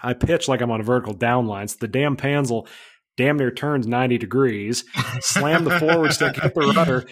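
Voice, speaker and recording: A man telling a story about flying, casual and blunt, swearing freely and acting out radio calls. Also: medium pitch. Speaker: aerobatic pilot guest.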